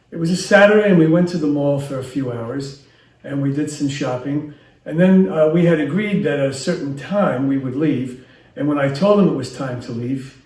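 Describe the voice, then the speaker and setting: A man presenting a training talk on handling difficult behavior in young children, speaking in a lively way. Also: mid-range voice, husky. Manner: lively, acts out children's voices in quotes. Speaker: parenting and teaching workshop speaker.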